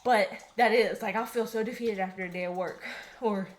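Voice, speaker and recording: A young woman in casual conversation, earnest and a bit out of breath, her sentences looping through filler words. Her pitch sits in a middle range and her tone is heartfelt. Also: steady tone, brisk, a little hiss or hum. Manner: earnest, rambling with many "like" fillers. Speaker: podcast co-host.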